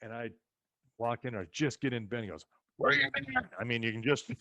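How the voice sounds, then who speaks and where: Animated male ranch storyteller. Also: medium pitch, fast talker, no echo. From rural western United States. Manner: animated storyteller who acts out other people's lines. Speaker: ranch co-host telling family stories. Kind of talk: casual storytelling chat.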